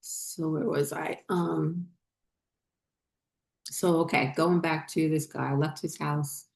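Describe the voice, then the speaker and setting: A woman telling a personal story in a rambling, halting way, full of fillers and restarts, as a spiritual vlogger. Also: sits low, fairly even intonation, vocal fry, darkish tone.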